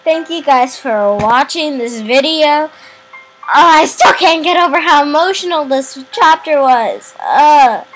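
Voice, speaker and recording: A young woman reacting out loud to a game cutscene as a gaming video host, with emotional, expressive exclamations. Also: high-pitched, measured pace, over music, rough recording. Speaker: gaming YouTuber.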